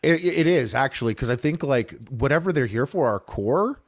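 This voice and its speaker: A man's voice: mid-range voice, lively intonation, moderate pace, no room sound, clean studio sound. A man co-hosting a podcast, laid-back and crude in casual banter. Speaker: podcast co-host.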